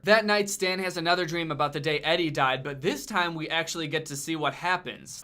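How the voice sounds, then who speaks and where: A man's voice: fairly high pitch, fairly quick, few pauses, sharp tone. A young man giving a sarcastic, incredulous comedic movie review as a YouTube host.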